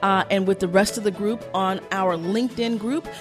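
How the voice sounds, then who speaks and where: Energetic woman coach talking fast. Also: over music. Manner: energetic, emphatic, varies pitch to illustrate points. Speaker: communication coach and host. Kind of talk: instructional talk.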